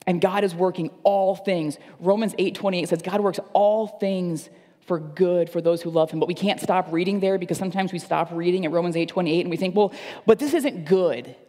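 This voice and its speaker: A man's voice: high-pitched, flat delivery, fairly quick, a little mellow, big-room sound. A man preaching a sermon as pastor, earnest and repeating phrases for emphasis. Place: church service.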